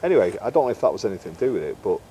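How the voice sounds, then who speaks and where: A middle-aged man spins a long, chatty anecdote, slipping into the voices of the people he quotes. His voice sits a little low. Faint background noise runs under the recording. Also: very animated, very fast, dark tone. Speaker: interview guest, carp angler and bait maker. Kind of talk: casual storytelling interview.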